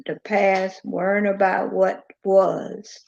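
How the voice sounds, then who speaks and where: A woman hosting a podcast livestream with her sibling, talking slowly and emotionally about their late father. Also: mid-range voice, little pitch movement, vocal fry, darkish tone. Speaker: podcast host. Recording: dull lo-fi livestream audio with faint noise.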